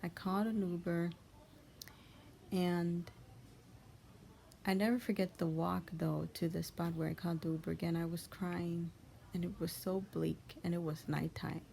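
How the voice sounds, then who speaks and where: A young woman, a channel host, giving a heartfelt monologue of encouragement in a soft, often half-whispered, gentle and comforting way. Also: fairly low pitch, little pitch movement, unhurried, gravelly, pauses often, a little hiss or hum. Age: young adult.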